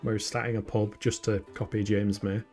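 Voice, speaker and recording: A man's voice: fairly low pitch, flat delivery, fairly quick, darkish tone, faint music behind. A young man streaming a game, chatting with his viewers and muttering to himself as he plays. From Yorkshire, England. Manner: chatty, self-mocking, mutters to himself while playing. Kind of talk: casual gameplay stream chat.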